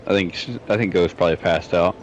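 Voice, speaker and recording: A man's voice: low-pitched, steady tone, brisk, slight background noise. A young man chatting on a game stream, teasing his friend and giving game advice over a dull lo-fi voice chat mic. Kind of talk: casual chat while gaming.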